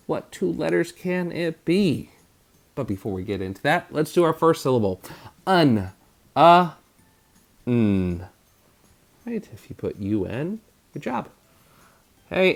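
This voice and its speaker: Male teacher, unhurried, slightly creaky voice; sounds out syllables, energetic asides. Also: fairly high pitch. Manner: energetic, sound effects like bam; sounds out letters slowly. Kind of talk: spelling lesson for children.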